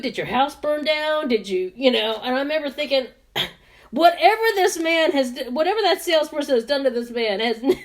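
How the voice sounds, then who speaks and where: Chatty woman in her fifties, high-pitched. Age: 50s. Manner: chatty, laughs often, rambling asides. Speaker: beauty vlogger and sales representative. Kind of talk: casual storytelling while doing makeup.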